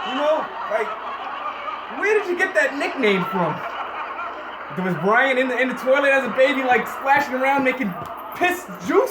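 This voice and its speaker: A man's voice: very high-pitched, sing-song, moderate pace. A man doing a first-time stand-up comedy set, rambling with lots of fillers and chuckling through his lines. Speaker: stand-up comic. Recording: echoey room with noise.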